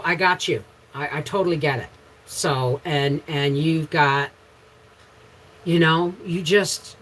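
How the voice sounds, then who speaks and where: Slow, chatty Canadian woman livestream host. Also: lowish voice, fairly bright tone, low-quality recording. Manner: chatty, greets viewers by name between stories. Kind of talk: casual live chat with viewers.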